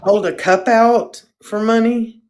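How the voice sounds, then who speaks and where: A woman's voice: a little high, steady tone, slow pace, darkish tone, slight background noise. A middle-aged woman hosting a casual livestream chat, blunt and self-mocking and swearing freely. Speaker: livestream host.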